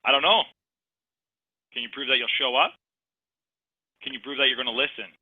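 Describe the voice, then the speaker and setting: Calm male co-trainer on a thin call. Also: medium pitch, brisk, background noise. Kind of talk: sales coaching session. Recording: tinny phone-like call audio.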